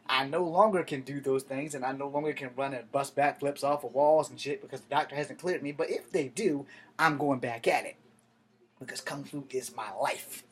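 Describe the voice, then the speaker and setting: A man's voice: mid-range voice, moderate pace, husky. A man in his thirties telling a story to camera, rambling and heated, with plenty of cursing. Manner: profane, heated, digressive street talk. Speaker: vlogger.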